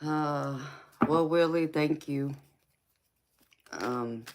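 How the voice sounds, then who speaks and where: A rumbling low voice, delivered flatly and slowly with many pauses, comes from a middle-aged woman from California who has a Southern accent. She's a tarot reader hosting a livestream, reading comments, laughing often, and calling viewers honey and sweetheart, with a little hiss or hum in the audio.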